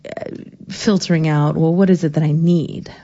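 A woman in casual, crude banter, profane and animated and quick to laugh. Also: sits low, muffled recording.

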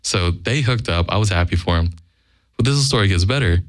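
A man's voice: sits low, animated, brisk, dry recording, clean studio sound. A man telling a casual, profane anecdote in a blunt way, acting out the quoted lines. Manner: blunt, acts out quoted dialogue. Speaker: guest storyteller.

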